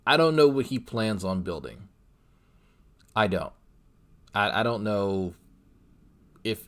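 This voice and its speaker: A middle-aged man hosting a commentary channel, mocking and ranting in a crude, sarcastic way. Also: on the low side.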